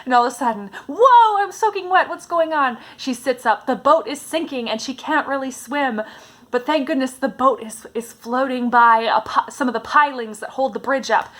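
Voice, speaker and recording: A woman, a vlogger and stage actress, chatting casually to camera and retelling favourite scenes with animated enthusiasm. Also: fairly high pitch, normal speed. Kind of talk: casual storytelling chat to camera.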